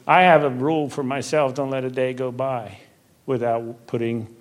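An older man speaks as a minister in a relaxed talk-show chat. His voice sits at an ordinary pitch. He is earnest and good-humored, and he slows right down to stress key phrases. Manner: earnest storytelling, laughs easily, slows for emphasis. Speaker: Christian minister. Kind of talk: conversational faith talk.

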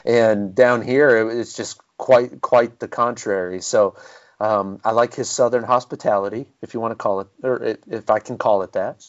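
A man's voice: lowish voice, fairly even intonation, moderate pace, highs cut off. A man chatting casually as a podcast guest, polite and easygoing. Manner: polite, easygoing, says "yes, sir" often.

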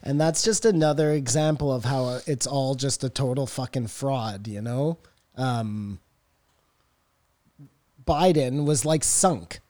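A man in casual podcast chat, throwing in sarcastic deadpan jokes. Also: medium pitch, slow pace.

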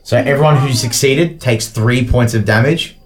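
A man's voice: medium pitch, noisy background. A man running a tabletop game as game master, talking casually and laughing often. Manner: casual, laughing, quick bursts of excitement.

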